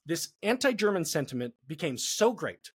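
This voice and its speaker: A man's voice: a little high, normal speed, slightly rough, no echo, clean studio sound. A man as a podcast guest, telling history in a casual, jokey way. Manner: animated, jokey storyteller.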